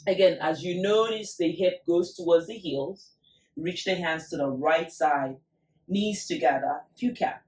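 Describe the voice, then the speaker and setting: A yoga teacher leads a class in an unhurried, soothing way, pacing each cue to the breath. The voice sits back from the mic in a roomy space with a clear echo, and gentle music plays faintly beneath. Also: mid-range voice, far from the mic. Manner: slow, soothing cues paced to the breath. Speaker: yoga instructor. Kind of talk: guided yoga class instruction.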